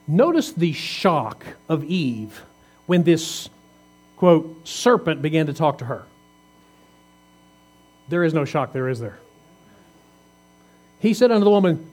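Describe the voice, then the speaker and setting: A man's voice: on the high side, a little mellow. A man preaching a conversational sermon, asking his congregation questions as he reads scripture. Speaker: pastor.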